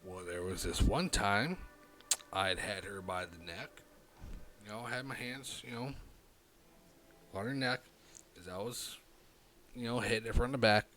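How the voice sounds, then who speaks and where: A man hosting a livestream, telling a long personal anecdote in a loose, profane, rambling way full of fillers, dropping quiet then getting loud. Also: on the low side, measured pace, long pauses, a little hiss or hum. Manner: animated, swings between hushed and loud. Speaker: livestream host. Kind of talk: casual livestream storytelling.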